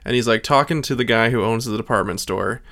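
A man's voice: medium pitch, fairly quick, a bit bright. A man co-hosting a podcast, chatting casually about a film and tossing in wry jokes. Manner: wry, joking asides. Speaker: podcast co-host. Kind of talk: casual movie-review chat.

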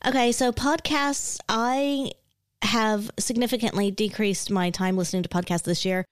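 A woman co-hosting a podcast, chatting casually in a relaxed, hedging way with fillers. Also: medium pitch, moderate pace, no room sound, studio quality. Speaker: podcast co-host. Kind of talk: casual chat.

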